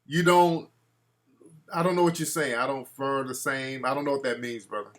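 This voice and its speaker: A man's voice: mid-range voice, steady tone, moderate pace. A man hosting a casual call-in show, talking in a brash, profane way and reacting to his live chat. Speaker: talk show host.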